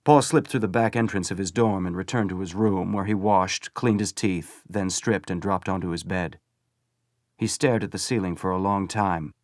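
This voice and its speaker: A man reading a novel aloud as an audiobook narrator, measured and steady. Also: deep voice, no echo, studio quality. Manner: measured storytelling. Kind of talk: scripted narration.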